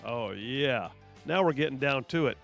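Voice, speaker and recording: A man's voice: mid-range voice, expressive, normal speed, vocal fry, a bit bright, soft background music. Chatty male radio host telling stories. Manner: chatty, repeats words as he goes. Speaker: radio talk show host. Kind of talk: casual on-air storytelling.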